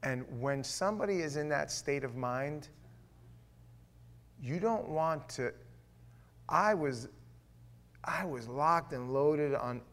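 Speaking slowly with long pauses, a middle-aged pastor in a fairly high voice tells stories during his sermon. He's animated, acting out the quoted voices of the people involved.

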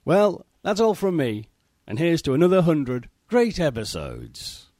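A man's voice: fairly high pitch, huge pitch swings, darkish tone, no room sound, studio quality. A man reading a prepared, articulate message of congratulations and questions to a podcast. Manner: measured, articulate, fond. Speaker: listener sending voice feedback.

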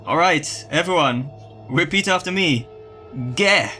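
A high, bright-toned man speaks slowly as he leads a ritual in an in-character tabletop game, calling out words for the others to repeat. He often laughs between lines. Faint music plays underneath. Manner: chanting commands, breaking into laughter. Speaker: player leading a ritual in character. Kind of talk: in-character tabletop role-play.

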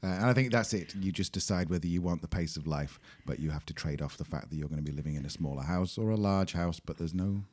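A man's voice: low-pitched, fast, few pauses, a little mellow. A man in his forties co-hosting a podcast, chatty and jokey in casual conversation. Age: 40s. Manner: chatty, jokey and self-mocking. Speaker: podcast co-host. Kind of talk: casual chat.

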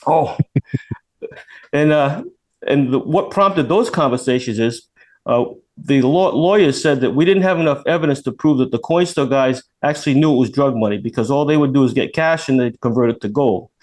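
An older man, a retired federal agent, tells a long story as a guest on a radio show in a voice of medium pitch at a moderate pace. He is animated, acting out the voices of the people in his tale and frequently restarting sentences in this casual storytelling.

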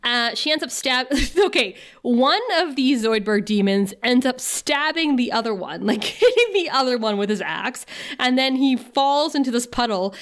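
A woman co-hosting a podcast, recapping an episode in casual chat, laughing often and saying "like" a lot. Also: on the high side. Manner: chatty, laughs often, filler "like". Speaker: podcast co-host.

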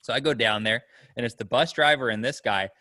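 A man telling a story in loose, casual conversation, full of fillers and asides. His voice is mid-pitched and plain, and it sounds dry and close with no room echo. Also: brisk, bright, forceful tone. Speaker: storyteller guest. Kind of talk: casual chat.

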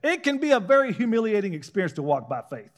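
A man with a high voice preaches a sermon in a casual, folksy manner. He keeps asking his listeners questions and pushing for a response, and his emphasis climbs as he goes. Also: big pitch swings, fast talker. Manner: call-and-response, rising to shouted emphasis; conversational, folksy preaching with laughs.

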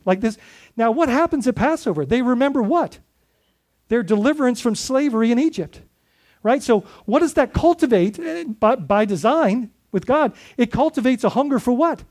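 A man's voice: high-pitched, a little mellow. A man preaching a sermon as lead pastor, speaking conversationally and putting questions to his congregation.

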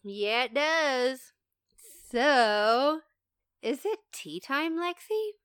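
A woman co-hosting a casual chat podcast with a high, bright voice. She talks slowly and bluntly and swears freely. The recording is crisp and dry. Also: expressive, dry recording. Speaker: podcast co-host.

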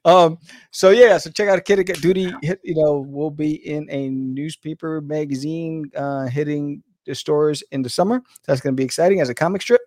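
A man's voice: on the high side, moderate pace, darkish tone, no echo. A man co-hosting a podcast, chatting loosely with many fillers and restarts as he wraps up the show. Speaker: podcast co-host. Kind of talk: casual chat and show sign-off.

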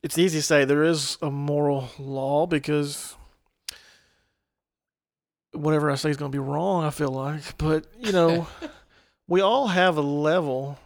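Man, higher voice, gravelly, lively, hesitant, casual discussion. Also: measured pace, dry recording, clean studio sound. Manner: hesitant, laughing.

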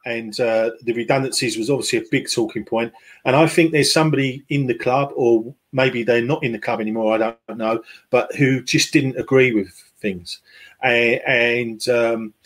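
Hesitant man chatting on a podcast. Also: mid-range voice. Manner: hesitant, many fillers and restarts. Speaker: podcast guest, football club fan liaison. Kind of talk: casual conversational interview.

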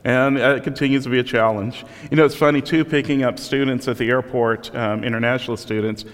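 A man's voice: mid-range voice, fairly even intonation, a little fast. Man preaching in a reverberant hall. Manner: conversational, self-deprecating storytelling. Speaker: pastor. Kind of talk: sermon.

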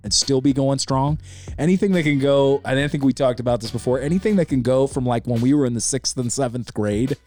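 Male podcast host in his forties, easygoing and rambling, mid pitch, faint music in the background. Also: fairly quick, darkish tone. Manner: laid-back, rambling, says man and dude a lot. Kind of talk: casual podcast chat.

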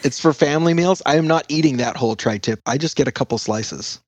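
A middle-aged man, a guest educator in a podcast interview, talking in an energetic, chatty way with jokey asides. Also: fairly high pitch, fast talker, no echo.

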